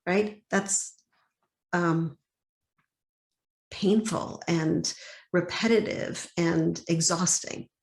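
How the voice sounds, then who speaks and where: A woman coach talking in an interview, lively and often acting out little inner dialogues. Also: fairly low pitch, very slow, gravelly, pauses often. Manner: animated, acts out inner dialogues. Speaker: guest, body-peace coach. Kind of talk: interview conversation. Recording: echoey room.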